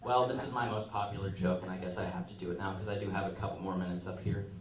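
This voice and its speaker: A man's voice: low voice, steady tone, fast talker, slight background noise. A young man performing a rambling, crude, self-mocking open-mic stand-up set on a comedy club stage. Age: young adult. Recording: echoey room, picked up from a distance.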